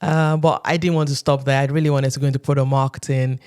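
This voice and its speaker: Lively woman from Nigeria, guest. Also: extremely low pitch, quick pace, smooth. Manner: animated storyteller who acts out quotes, often laughing. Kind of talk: casual interview talk.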